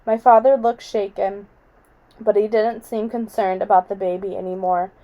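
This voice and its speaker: A woman reading a novel aloud in a quiet, measured way. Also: mid-range voice, steady tone, dull audio. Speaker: audiobook reader.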